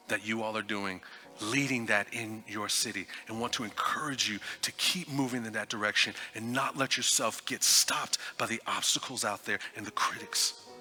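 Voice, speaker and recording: A man from Texas preaching a sermon. He tells a story, dropping to a hushed voice for tender moments, and often stammers and restarts. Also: medium pitch. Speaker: guest preacher.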